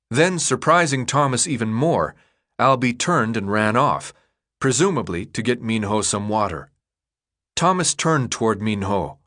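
A man narrating an audiobook in a steady, expressive reading. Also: medium pitch, measured pace. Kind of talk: scripted narration.

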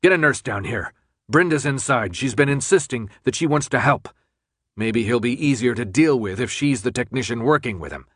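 A narrator putting on a cold scheming official who gives orders in a clipped, even tone. The voice sits a little higher and more pointed than the reader's own. The read is close and dry, with no room sound. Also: male voice, normal speed, no room sound. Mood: commanding. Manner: clipped, commanding.

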